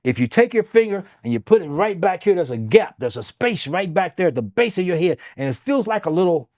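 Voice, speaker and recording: Male guest, dramatic storyteller, lively and fairly high voice. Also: fairly quick. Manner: animated, repeats phrases, acts out quotes. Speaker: interview guest. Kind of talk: emotional storytelling.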